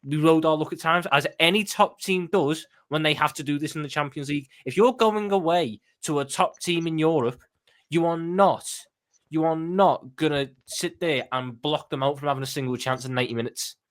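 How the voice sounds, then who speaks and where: A man's voice: on the high side, moderate pace, fairly bright tone. A man giving an emphatic post-match reaction as a football fan pundit, often stumbling and restarting his sentences.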